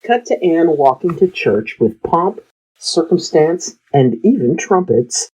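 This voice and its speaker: A woman co-hosts a podcast and retells a TV episode with frequent laughs and blunt, casual swearing. Her voice is low and a bit husky, with a mellow tone that moves widely in pitch. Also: very animated, slow pace, rough recording. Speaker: podcast co-host. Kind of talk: casual recap and commentary.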